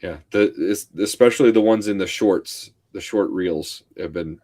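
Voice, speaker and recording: A man chatting as a podcast guest, easygoing and quick to agree. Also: sits low, mellow. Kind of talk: casual chat.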